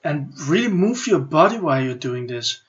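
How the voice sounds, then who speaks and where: A middle-aged man with a Danish accent gives a motivational coaching lesson. He talks in an animated way, acts out inner thoughts and often restarts his sentences. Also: fairly high pitch, normal speed. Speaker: business and personal development coach. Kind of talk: motivational teaching talk. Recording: slightly muffled lo-fi audio.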